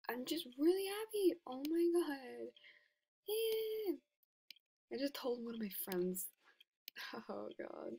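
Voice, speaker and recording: A woman giving casual commentary over her gameplay, excitable and giggly, often dropping to a whisper. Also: high-pitched, slow, vocal fry, pauses often. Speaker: game video creator.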